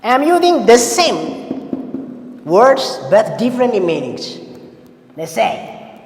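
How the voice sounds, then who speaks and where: Slow, deliberate male teacher in an echoey room. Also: very high-pitched, big pitch swings. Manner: slow, deliberate, repeating key words for students. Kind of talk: classroom grammar lesson. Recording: echoey room with long reverb and faint ambience.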